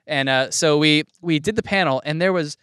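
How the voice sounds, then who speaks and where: A podcast co-host tells a story with plenty of cursing, acting out the people he quotes. His voice sits a bit high and sounds smooth. The sound is dry and close. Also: normal speed, no echo. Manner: animated storyteller, profane, mimics people he quotes. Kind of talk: casual chat.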